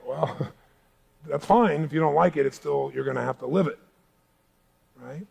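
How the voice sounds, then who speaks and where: A man with a high, gravelly voice delivers a motivational seminar speech on stage. He talks emphatically and keeps pulling the crowd in with call-and-response questions. His rough, grainy tone carries through every phrase. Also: moderate pace, pauses often, a little mellow, poor audio. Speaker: motivational speaker. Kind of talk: live seminar speech to an audience. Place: large seminar hall.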